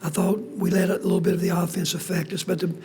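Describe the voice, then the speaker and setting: Hoarse, half-whispering coach. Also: male voice, high-pitched, level tone, warm tone, slight background noise. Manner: halting, restarts sentences often. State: hoarse, voice nearly gone. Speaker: head basketball coach. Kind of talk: postgame press conference answers.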